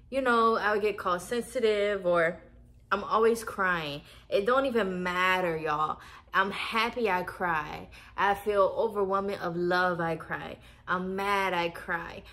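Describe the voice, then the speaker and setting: Young woman vlogger, bright tone, animated and candid, speaks to her audience directly. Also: mid-range voice. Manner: animated, swears and laughs often, talks to viewers as y'all. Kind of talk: casual spiritual vlog talk.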